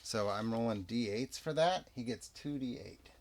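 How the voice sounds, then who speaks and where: A man narrating and rules-explaining a solo tabletop role-playing game in an unhurried, chatty way. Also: medium pitch. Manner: unhurried, chatty, lively ups and downs. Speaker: game master and player.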